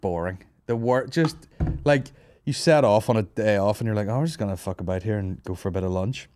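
A man's voice: on the low side, a little fast, darkish tone, slight background noise. A Northern Irish man hosting a podcast, telling a rambling comic story, swearing a lot and laughing often, hungover and tired. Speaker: podcast host. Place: office.

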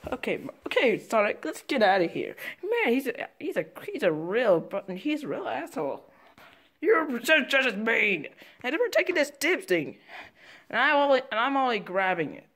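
A woman voicing characters in an improvised toy skit, excitable and stammering with frequent repeats. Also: a little high, moderate pace. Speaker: fan video puppeteer voicing characters. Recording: music playing behind. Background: music.

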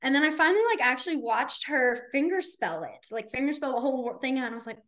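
A young woman teaching a sign language class, chatty and storytelling, with plenty of fillers and quick laughs. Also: sits high, animated, a bit bright. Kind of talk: casual class teaching with stories. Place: library classroom.

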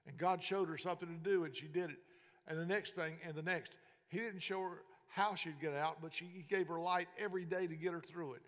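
High-voiced preaching pastor in a reverberant hall. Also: male voice, fairly even intonation, fairly quick, fairly bright tone. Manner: preaching with storytelling and scripture reading. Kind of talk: sermon. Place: church sanctuary.

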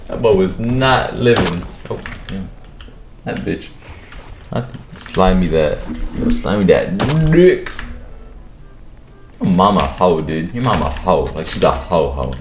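A young man giving rowdy, profane commentary over his own gameplay, excitable and quick to burst into shouting. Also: sits low, noisy background. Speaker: gaming video creator. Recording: echoey room with keyboard clatter. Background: keyboard clicks and typing.

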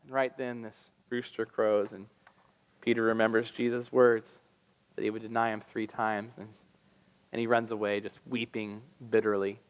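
A man preaching a sermon as pastor, telling the story with animated energy and acting out the voices. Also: on the low side, normal speed, big-room sound. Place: church sanctuary.

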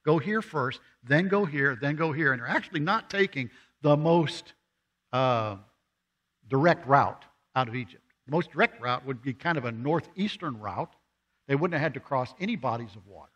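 A man delivers a sermon in a church. His tone is bright and forward, and he keeps it conversational. He throws questions at the congregation and acts out the voices of people in the story. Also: mid-range voice, lively intonation, normal speed, dull audio. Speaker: guest preacher. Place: church sanctuary.

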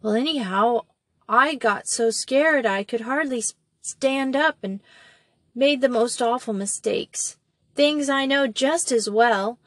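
A woman's voice: on the high side, takes it slowly, fairly bright tone, no echo, pitched above the performer's own voice. A woman reading a storybook and voicing an anxious, tearful nine-year-old girl in a plaintive, upset way. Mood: miserable.

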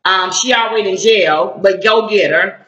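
A middle-aged woman speaking as a civil rights activist, blunt and confrontational, with slangy street talk. Her voice is forceful and sharp. It rings in an echoey room on a dull, lo-fi recording. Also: mid-range voice, moderate pace. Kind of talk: impassioned video commentary.

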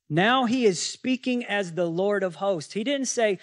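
A man's voice: high voice, expressive, unhurried, hardly any pauses, a bit bright, no room sound, studio quality. A male pastor preaching a sermon, teaching from scripture with many rhetorical questions to the congregation.

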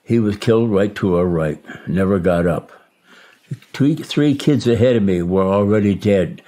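Mellow-voiced older veteran. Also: male voice, fairly low pitch, moderate pace. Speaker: war veteran. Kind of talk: interview recollection.

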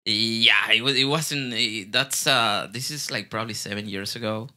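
Man, mexican spanish accent, very bright forceful tone, lively casual storyteller, repeats himself, swears casually. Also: on the low side, moderate pace. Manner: animated, restarts and repeats words, swears casually. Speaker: guest bartender.

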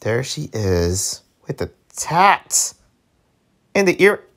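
Male webcomic reader host, unhurried and expressive, quick to laugh. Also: medium pitch. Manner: laughs often, reacts with exclamations. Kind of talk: reading a webcomic aloud with reactions.

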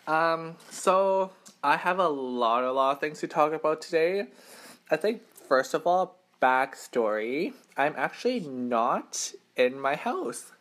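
A man's voice: on the high side, animated, slow pace, fairly bright tone. A man from Western Canada, hosting a casual mukbang eating show from a hotel room and rambling, correcting himself and laughing between bites. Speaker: mukbang host. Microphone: camera mic.

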